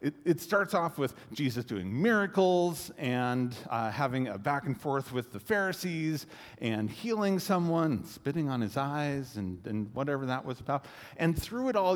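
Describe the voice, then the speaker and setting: A man preaching a sermon in an animated way, acting out quotes and swelling to loud climaxes. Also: a little high, moderate pace. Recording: echoey hall reverb.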